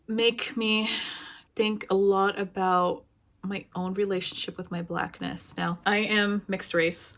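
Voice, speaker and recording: A woman's voice: medium pitch, a little hiss or hum. Emotional woman in a casual book review. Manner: emotional, halting, with frequent fillers and restarts.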